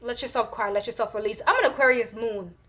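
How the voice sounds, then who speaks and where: Young woman, high voice, blunt and profane, casual astrology talk with lots of filler phrases. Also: fast, a bit bright. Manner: blunt, profane, repeats "you know what I'm saying". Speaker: astrology reader.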